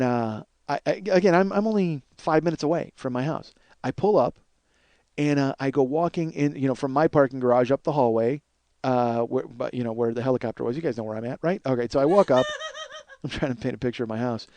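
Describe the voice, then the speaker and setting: A man hosting a podcast, telling a long rambling story on his own, full of swearing, trailing off into mumbles and then rising to excited shouting. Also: medium pitch, no room sound. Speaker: podcast host. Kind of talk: solo storytelling monologue.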